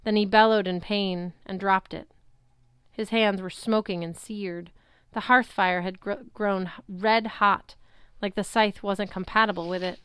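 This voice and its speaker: A woman narrating a novel chapter aloud in the first person with steady, unhurried reading. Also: mid-range voice, clean tone, no room sound. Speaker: audiobook reader.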